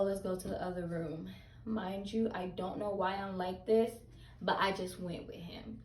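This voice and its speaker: A young woman telling a personal story to camera in casual, candid chat, full of "like" and "um". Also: mid-range voice. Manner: candid, loose, many fillers and "like". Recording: echoey room, faint background hiss.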